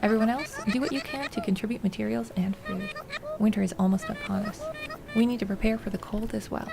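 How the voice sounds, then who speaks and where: A woman's voice: on the high side, sing-song, a little fast, vocal fry, music in the background. A woman reading the lines of a young male village leader as he rallies his villagers in a commanding tone. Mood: rallying. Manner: rousing, commanding, reading game dialogue. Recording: noisy home recording.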